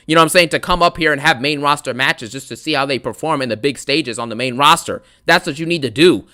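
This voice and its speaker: A man in a sarcastic, fed-up wrestling rant with a bright, edgy tone. He talks a little above the usual male pitch, dismissive and quick to mock. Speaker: wrestling video ranter. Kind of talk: angry wrestling recap rant.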